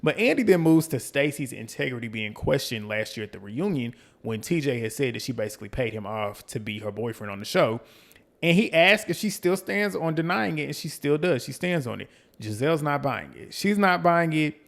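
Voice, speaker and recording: A man with a Southern twang from North Carolina talks through a reality show episode like he's telling a friend. He is chatty and gossipy, and he jumps into quick voices when he quotes the cast. His voice sits at an everyday middle pitch. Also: animated, vocal fry. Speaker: reality TV recap host. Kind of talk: casual recap and commentary.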